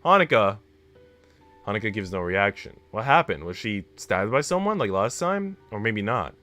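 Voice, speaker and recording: A man streaming himself reading a visual novel aloud, expressive and reacting out loud between lines. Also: fairly low pitch, moderate pace, faint music behind. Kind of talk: dramatic read-aloud with commentary.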